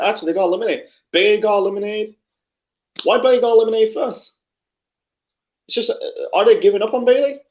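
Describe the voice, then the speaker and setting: A man's voice: high-pitched, dull audio. A man ranting in an unscripted wrestling review, angry and profane, rambling with many restarts.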